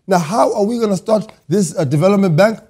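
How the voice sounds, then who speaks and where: South african guy doing satire news, high voice, mellow tone, teasing and mocking the whole way. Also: a little fast, slightly rough. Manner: mocking, animated, teasing asides. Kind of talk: comedic news monologue.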